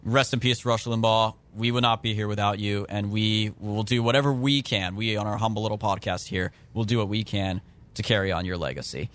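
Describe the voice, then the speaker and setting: A man's voice: fairly low pitch, fairly quick, fairly bright tone. A man co-hosting a casual political podcast, speaking earnestly and addressing listeners directly. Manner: earnest and heartfelt, talks straight to listeners. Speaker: podcast co-host.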